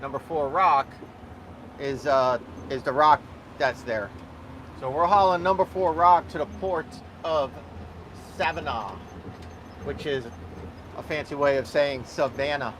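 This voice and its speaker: A man's voice: on the high side, a little slow, pauses often, a bit bright. A man vlogging live from his dump truck cab, rambling and joking as he drives. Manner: rambling, jokey, easygoing, thinks aloud with fillers. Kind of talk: casual live vlog while driving. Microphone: small camera or phone mic in the cab. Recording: faint truck engine noise.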